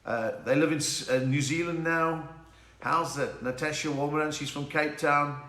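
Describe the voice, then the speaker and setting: His tone is bright and forceful, pitched on the high side, with fairly even intonation and a moderate pace. The middle-aged host chats through a relaxed home live stream, cracking jokes and reading viewer names and greetings aloud. The sound is roomy and echoey, with faint noise.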